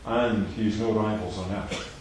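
A man preaching a sermon, emphatic and repetitive, swinging between loud declarations and soft asides. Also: fairly low pitch, steady tone, a little slow, slight background noise. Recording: very echoey hall.

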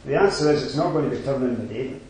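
A man preaching a sermon, swinging between quiet reflection and loud emphatic exhortation. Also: mid-range voice, animated, very fast, a little hiss or hum. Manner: rising to emphatic exhortation, then dropping quiet. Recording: very echoey hall.

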